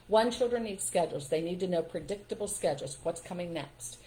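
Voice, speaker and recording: A woman's voice: lowish voice, expressive, a little fast, dark tone, slight background noise. Older woman giving parenting advice. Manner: emphatic and instructive, acts out what parents should say. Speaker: parenting coach hosting a live stream. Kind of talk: casual live-stream advice talk.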